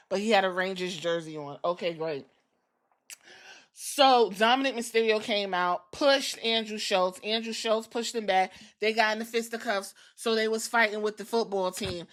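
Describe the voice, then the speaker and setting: A woman's voice: mid-range voice, a bit bright. A woman hosting a podcast, giving a casual, profane and sassy recap with blunt asides. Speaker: podcast host. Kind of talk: casual wrestling show recap.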